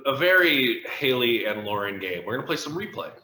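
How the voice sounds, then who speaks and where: A man's voice: medium pitch, sing-song, brisk, bright, forceful tone, roomy sound, slight background noise. A man hosting and explaining an improv game in a loose, upbeat way. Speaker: host. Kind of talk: video-call game explanation.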